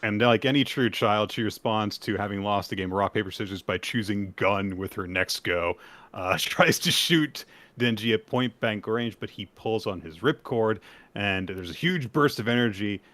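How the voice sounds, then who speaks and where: A man co-hosting a casual podcast, retelling comic chapters with animated energy and acted-out quotes. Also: lowish voice, moderate pace, no room sound. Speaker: podcast co-host. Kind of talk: casual chat recapping manga.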